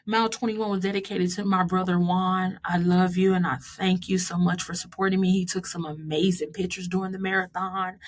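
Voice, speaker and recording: Heartfelt woman in her thirties, low voice. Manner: heartfelt, laughs often, dedicates each mile to loved ones. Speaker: vlogger recapping her marathon. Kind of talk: casual personal recap.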